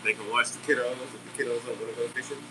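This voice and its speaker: On a casual live stream, a middle-aged man pitching fishing jigs talks quickly in a medium-pitched voice, recorded from afar. Upbeat and chatty, he works through viewers' comments over the constant hum of an air conditioner.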